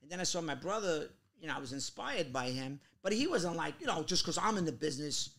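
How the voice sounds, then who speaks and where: Fast-talking gravelly New man. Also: a little high. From Queens, New York. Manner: animated, acts out other people's voices in anecdotes. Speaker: guest actor. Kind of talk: casual storytelling interview.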